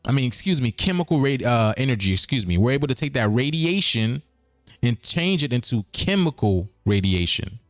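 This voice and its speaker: A man's voice: mid-range voice, very animated, brisk, dry recording, soft background music. A man hosting a casual livestream, talking in a rambling, repetitive way with chuckling asides. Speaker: streaming show host.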